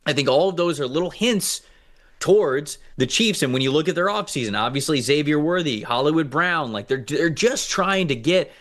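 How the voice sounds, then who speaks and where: A man co-hosting a football show, reading out player grades and stats in a casual, animated way. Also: fairly high pitch, moderate pace. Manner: reads out stats, animated and joking. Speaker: co-host, football analyst. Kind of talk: casual sports analysis chat.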